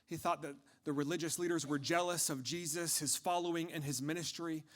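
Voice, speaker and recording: A man delivering a dramatic first-person storytelling monologue, impassioned, swinging from hushed tones to shouting. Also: fairly high pitch, fairly even intonation, brisk.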